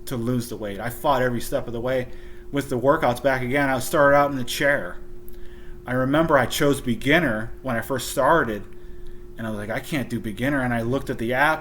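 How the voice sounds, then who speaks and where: Man, podcast guest, blunt, emphatic, swears a lot, mid-pitched voice, faint hum. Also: a bit bright. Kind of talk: candid conversational storytelling.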